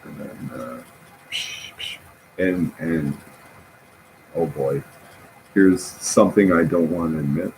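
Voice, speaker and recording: A man talking in a rambling, halting casual monologue, often laughing at his own jokes. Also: a bass voice, darkish tone, slight background noise, rough recording.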